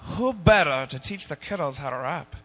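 A man's voice: fairly high pitch, expressive, normal speed, pushed and bright, voice pushed down. A man voicing a goofy, self-important Scottish rapper who rambles and laughs at his own jokes, with a Scottish accent. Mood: boastful. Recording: long hall reverb.

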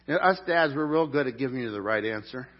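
Animated preaching man, dull lo-fi sound. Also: medium pitch, quick pace. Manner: animated, jokey preaching with sudden loud peaks. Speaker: pastor. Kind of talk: sermon.

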